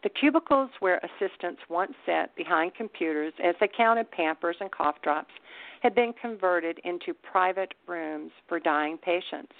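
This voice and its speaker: A woman author reading her own first-person story in a wry, deadpan way. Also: on the low side, vocal fry, no room sound. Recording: dry, tinny phone line.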